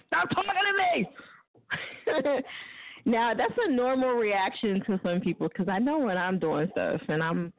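A woman's voice: lowish voice, no room sound. A woman hosting an internet radio show, ranting bluntly and profanely and laughing often. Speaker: radio host. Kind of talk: casual talk radio rant. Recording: dry, phone-like lo-fi line.

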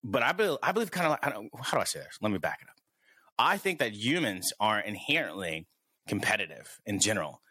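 A man's voice: lowish voice, sing-song, fast talker, pushed and bright, breathy edge, no room sound. A man hosting a casual podcast, thinking aloud with many restarts. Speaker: podcast host.

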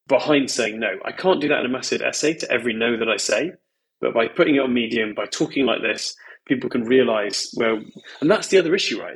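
A man's voice: medium pitch, a bit bright, slightly rough, rough recording. A man, a venture investor, speaking candidly and emphatically as a podcast guest, with many "you know"s and "like"s. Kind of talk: podcast conversation.

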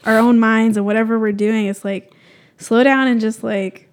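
A woman's voice: a little high, steady tone, moderate pace. A young woman, a podcast guest, talking casually in a rambling way full of "like" fillers. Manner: rambling, filler-heavy, "like"-laden talk.

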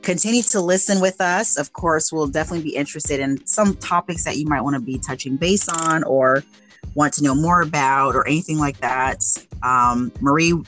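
A woman's voice: deep voice, normal speed, a bit bright, faint music behind. A woman co-hosting a casual faith podcast, chatting in an upbeat, talkative way. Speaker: podcast co-host.

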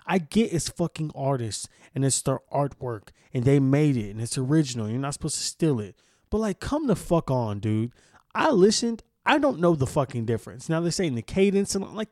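A man's voice: mid-range voice, a little mellow, dry recording, studio quality. A young man hosting a solo podcast, reading news aloud and then ranting about it with heavy profanity. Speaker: podcast host.

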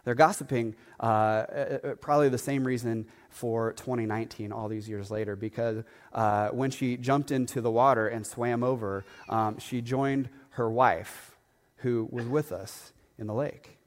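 A man, a pastor, telling a story in a sermon, chatty and animated, with lots of fillers and asides. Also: mid-range voice, measured pace, long reverb tail. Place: church sanctuary.

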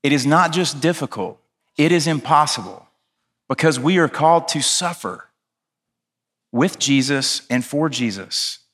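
A man's voice: fairly high pitch, expressive, unhurried, a bit bright. A man, a pastor, preaching a sermon in an earnest, impassioned way, telling stories with conversational asides.

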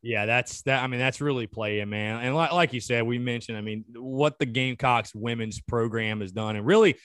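A man's voice: mid-range voice, normal speed, a bit bright, clean tone, no room sound. A man, a guest on a casual podcast, talking with enthusiasm and repeating himself. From North Augusta, South Carolina. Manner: enthusiastic, repeats words, says "man" often.

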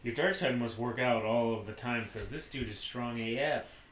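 A man performing his part in a comedy script reading with a playful, jokey, excitable manner. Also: medium pitch, moderate pace. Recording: echoey room, faint noise.

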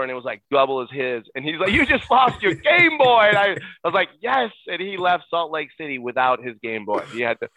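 Calling in from his Utah home, a middle-aged podcast guest who used to be a ballboy shares animated stories in casual chat. His medium-pitched voice comes over a tinny, dry phone line with no echo, and he's excitable, quick to laugh, and given to shouted impressions.

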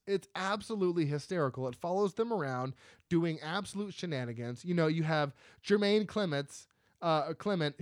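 Hyped guy ranting about a movie, kinda high voice, dry close mic. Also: no echo. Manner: excitable, swears a lot, animated. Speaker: podcast co-host. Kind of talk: casual film review chat.

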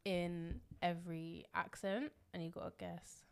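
Slow-talking woman, self-deprecating. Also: lowish voice, fairly even intonation, heavy background noise. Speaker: podcast co-host. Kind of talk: casual chat.

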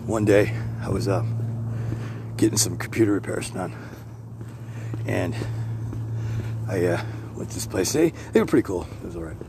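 A low-voiced man rambles through a podcast as he walks outside. He talks bluntly, swears freely and keeps breaking off and restarting. Traffic and street noise run clearly under his voice. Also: expressive, moderate pace, pauses often. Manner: rambling, with frequent restarts and digressions. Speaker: podcast host. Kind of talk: rambling walk-and-talk monologue. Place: outdoors, walking neighborhood streets. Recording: outdoor street noise with passing vehicles. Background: passing traffic and street ambience.

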